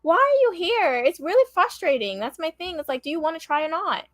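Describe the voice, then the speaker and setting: A woman's voice: extremely high pitch, very animated, fairly quick, fairly bright tone, no room sound. A woman co-hosting a live review stream, giving frank, opinionated takes. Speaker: co-host of a reality show review.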